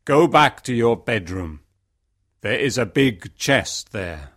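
A man voicing a huge, stern male beast in a storybook reading, speaking slowly and heavily with a commanding manner. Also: medium pitch, sing-song, fairly bright tone, full character voice. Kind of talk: storybook audio acting.

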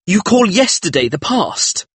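A man's voice: high voice, big pitch swings, unhurried, fairly bright tone, breathy edge, no echo, exaggerated voice. An actor playing an earnest, troubled male painter in a dramatized audiobook, speaking in a pleading, sincere way. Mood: reproachful. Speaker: painter character.

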